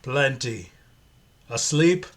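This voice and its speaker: A man's voice: medium pitch, expressive, extremely slow. Pinhead, a man doing a cold demon voice. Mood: menacing. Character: cold, menacing male demon from hell.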